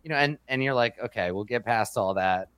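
A man's voice: medium pitch, a little fast, a bit bright, clean tone, no room sound. Thoughtful man with a dry close voice. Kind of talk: casual podcast chat.

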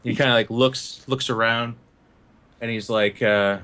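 A man's voice: medium pitch, steady tone, measured pace, sharp tone. A man narrating as game master, rambling casually with lots of fillers. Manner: rambling, full of fillers and laughs.

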